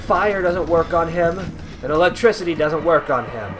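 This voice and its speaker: A man's voice: a little high, lively intonation, moderate pace, noisy background. A young man giving casual let's-play commentary, confused and exasperated while talking to his viewers. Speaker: gameplay commentator. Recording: game music playing behind.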